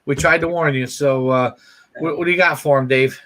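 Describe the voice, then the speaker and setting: High-voiced man telling a story with a laugh. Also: fairly quick. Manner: animated storytelling, laughs often. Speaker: host. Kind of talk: casual chat.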